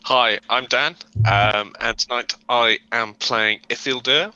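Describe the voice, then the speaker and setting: A man's voice: mid-range voice, takes it slowly, sharp tone, smooth, no echo, highs cut off. A man briefly introducing himself as a player in a tabletop game, with hesitant fillers. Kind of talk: casual chat.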